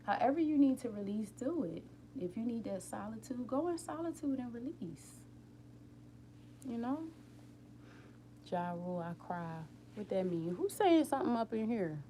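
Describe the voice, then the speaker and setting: A woman hosting a casual live stream from home late at night, rambling warmly and talking straight to her viewers about healing and feelings. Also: on the high side, expressive, a little slow, pauses often, slight background noise. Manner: openly emotional, tearful at times. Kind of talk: casual inspirational chat.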